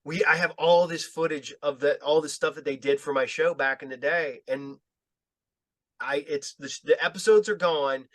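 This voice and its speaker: A man's voice: a little high, moderate pace, dry recording. A man telling casual stories in a podcast chat, swearing freely and laughing as he retells them. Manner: profane, laughing, animated when retelling. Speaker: guest filmmaker.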